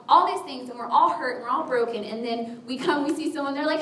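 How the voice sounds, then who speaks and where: A woman with a slightly high voice giving a frank, self-deprecating testimony to a church audience, slipping into little acted-out inner voices. She sounds set back from the mic in a roomy, echoing space, with a faint rumble underneath. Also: fast talker, few pauses, fairly bright tone. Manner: candid, self-mocking, acts out inner voices. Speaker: speaker sharing a personal testimony. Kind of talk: candid testimony talk to a church group. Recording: roomy echo with a faint rumble, voice picked up from a distance.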